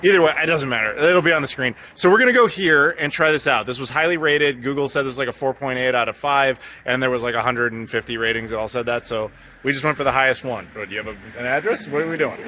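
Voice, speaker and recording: A man's voice: mid-range voice, fast talker, bright, forceful tone, a little hiss or hum. A man from the United States casually vlogging outdoors on town streets, chatty and joking with lots of fillers. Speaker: travel vlogger. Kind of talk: casual walking vlog.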